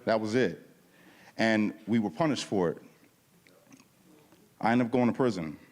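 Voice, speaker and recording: A man with a fairly low voice tells his testimony from the front of a church, loose and slangy, jumping into the voices of the people in his story. His words ring out with a long reverb in the hall. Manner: animated storytelling, acting out quoted dialogue; casual, slangy. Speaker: guest speaker at a church service. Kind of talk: testimony talk.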